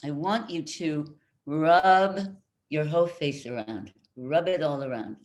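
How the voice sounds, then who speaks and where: Over a video call, an older woman who coaches voices leads a group warm-up, coaxing and energetic as she repeats her instructions. Her voice sits low and moves slowly.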